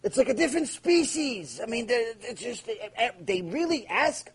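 A middle-aged man teaching Torah in a live lecture, his voice pitched high with a husky edge. He drives his points home by repeating them and slips into acted-out prayers to make them vivid. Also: very animated, normal speed, low-quality recording. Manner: emphatic, repeats key phrases, acts out imagined prayers.

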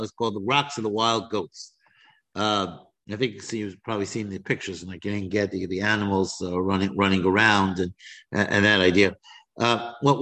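A man's voice: medium pitch, pushed and bright. A man teaching an informal text-study class, reading verses aloud and then explaining them with frequent restarts and fillers. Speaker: Torah teacher.

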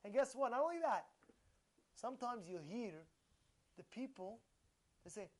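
A man teaching a short Torah lesson, emphatic and animated, firing rhetorical questions and repeating himself. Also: extremely high pitch, moderate pace, long pauses. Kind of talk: informal Torah talk.

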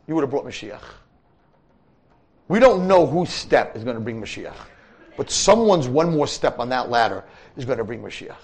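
A man's voice: a little high, fairly quick, breathy edge, rough recording. A man, a rabbi, giving a sermon to yeshiva boys, acting out the voices of people in his stories. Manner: animated, acts out voices.

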